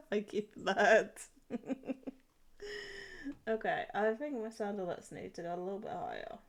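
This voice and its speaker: A woman's voice: medium pitch, very animated, a little slow, vocal fry, long pauses. A young woman streaming while she draws, chatting and giggling through a cold. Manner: giggly, chatty, self-deprecating. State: has a cold. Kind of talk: casual live-stream chat while drawing.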